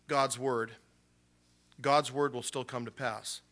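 A man preaching a sermon with a bright, forward voice. He keeps it animated and uses casual slang as he teaches. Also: mid-range voice, takes it slowly. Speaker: pastor.

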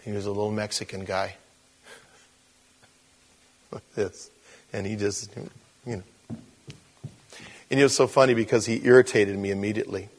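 A man's voice: on the low side, steady tone, moderate pace, pauses often. An older man preaching in a conversational, storytelling way, animatedly acting out the people in his stories.

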